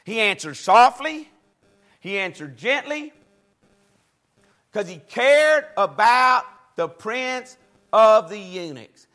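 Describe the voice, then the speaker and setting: A man preaching a sermon, with a preaching cadence that swings from loud exclamations to quiet asides. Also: high voice, very animated, slow, long pauses.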